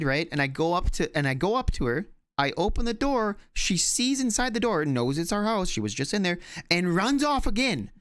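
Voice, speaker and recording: A man's voice: high voice, sing-song, a little fast, hardly any pauses, a bit bright, no echo, studio quality. A man co-hosting a podcast, telling a long story in a casual, rambling way with lots of fillers, restarts and swearing. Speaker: podcast co-host.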